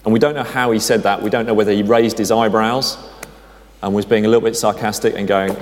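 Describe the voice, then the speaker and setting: A man preaching a sermon in a conversational, gently humorous storytelling way. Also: on the low side, steady tone, fairly quick. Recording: long hall reverb.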